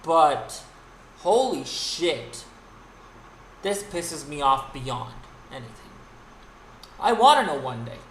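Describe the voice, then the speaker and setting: Male streamer, unscripted rant, cursing and exasperated, slightly high voice, roomy echo. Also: big pitch swings, takes it slowly, pauses often, a bit bright. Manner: profane, exasperated ranting with frequent restarts. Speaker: streamer and host. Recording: roomy with faint background noise.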